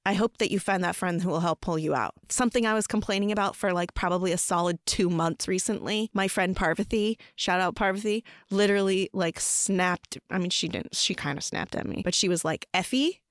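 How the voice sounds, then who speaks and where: A woman's voice: fairly low pitch, a little fast, few pauses, no echo, studio quality. A woman hosting her own podcast, talking casually in an upbeat, encouraging way, with lots of "like" and "okay?". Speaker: podcast host. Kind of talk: casual solo podcast talk.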